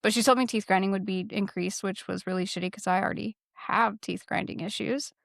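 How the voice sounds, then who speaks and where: Young woman co-host, casual candid chat, some vocal fry, dry close sound. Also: medium pitch, steady tone, fairly quick, no room sound. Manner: candid, rambling, heavy on fillers. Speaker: podcast co-host.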